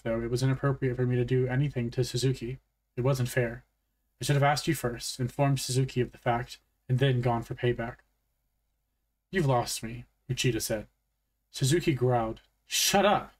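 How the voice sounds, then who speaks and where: A man reading a novel aloud in a calm, matter-of-fact first-person narration. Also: medium pitch. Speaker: audiobook reader. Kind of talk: audiobook narration.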